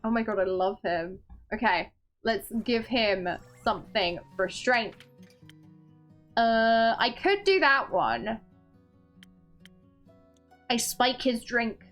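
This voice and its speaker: A young woman streaming a game, reading its dialogue aloud and gushing with giggly excitement. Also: a little high, slow pace, pauses often, soft background music.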